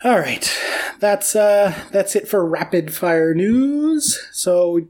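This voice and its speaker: An American podcast host in casual football chat, talking fast and ranting, swearing freely and filling speech with "like". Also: mid-range voice, expressive, darkish tone.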